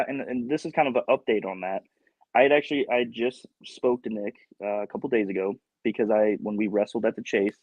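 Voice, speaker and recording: A male wrestler spins a backstage story with lively energy and frequent laughter. The recording is dull and lo-fi, with a dry, close sound. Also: mid-range voice, dry recording. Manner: animated storyteller who laughs often. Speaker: guest professional wrestler. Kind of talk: casual storytelling in an interview.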